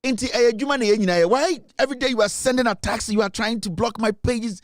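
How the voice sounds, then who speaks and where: A man's voice: extremely high pitch, fast, no room sound, studio quality. A Ghanaian man hosting a political commentary show, emphatic and repetitive, switching between English and Twi. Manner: emphatic, repeats points, mixes English and Twi. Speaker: show host.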